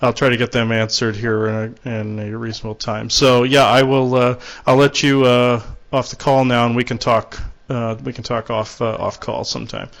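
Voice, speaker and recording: A man hosting a spiritual call-in show, relaying messages in a halting way with many restarts. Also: medium pitch, flat delivery, gravelly. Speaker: call-in show host and channeler.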